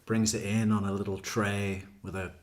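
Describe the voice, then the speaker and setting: A man's voice: lowish voice, level tone, normal speed. A man doing livestream commentary on true crime, sarcastic and mocking, with chuckling asides.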